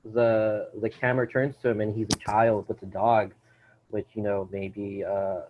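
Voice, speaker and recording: Man, podcast host, lowish voice, rambling casual movie talk, dull lo-fi recording. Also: level tone, unhurried, noisy background. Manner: rambling, many fillers and restarts. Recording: dull lo-fi sound.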